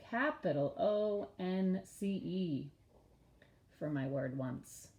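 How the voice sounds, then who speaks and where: A woman teaching young children their sight words, spelling each word letter by letter in a patient, expressive way. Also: lowish voice, reverberant. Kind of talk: early-grades reading lesson.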